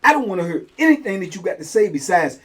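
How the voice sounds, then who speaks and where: A man's voice: high-pitched, big pitch swings, fast talker, fairly bright tone, slightly rough. A middle-aged man hosting a show, telling a story in casual, slang-heavy talk and acting out both sides of the conversations. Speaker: host and storyteller.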